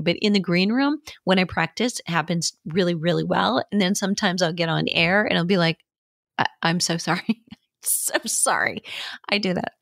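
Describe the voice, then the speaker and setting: A woman's voice: on the low side, no echo. A middle-aged woman hosting a podcast, giving upbeat coaching advice from a home studio. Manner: upbeat, coaching, demonstrates warm-ups. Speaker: podcast host and fitness educator. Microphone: studio mic.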